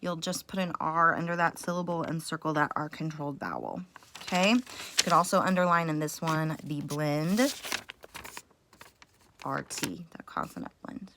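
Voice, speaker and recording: A woman teacher talks parents through a reading lesson recorded at home, patient and step by step, with many small fillers. Her voice is bright and set a bit low. A faint background hiss runs under the recording. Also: lively intonation, normal speed.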